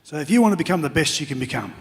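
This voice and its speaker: A man's voice: fairly high pitch, sing-song, very fast. Joking Australian man in an echoing hall. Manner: jokey anecdotes with acted-out shouts. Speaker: guest speaker. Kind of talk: after-dinner storytelling.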